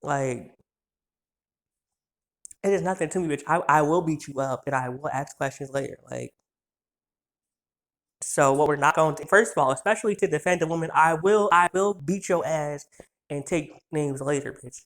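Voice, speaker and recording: A man's voice: a little high, fairly bright tone. A man in his twenties telling a story in a heated, profane rant, so worked up that he trips over his words. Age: 20s. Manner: heated, profane, rapid-fire insults.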